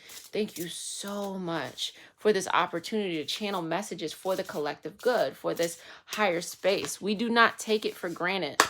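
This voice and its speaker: A woman giving a casual daily tarot reading, chatty and lively with slangy asides. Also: mid-range voice, slight background noise. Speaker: tarot reader. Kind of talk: casual spiritual reading to camera.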